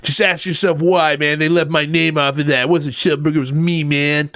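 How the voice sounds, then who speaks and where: A man's voice: fairly high pitch, steady tone, moderate pace, a bit bright, no echo, voice pushed down. A man doing a mocking, sarcastic impression of a whiny, self-pitying grown man who keeps repeating himself. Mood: petulant.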